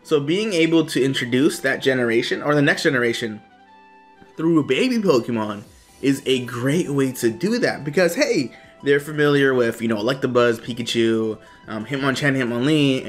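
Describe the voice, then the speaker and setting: A chatty man talks straight to his viewers in a gaming vlog, upbeat and easygoing. His pitch sits in a mid range, and he keeps wandering off into little asides. Soft music plays faintly under his voice. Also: moderate pace. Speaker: gaming video host. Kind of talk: casual chat to camera.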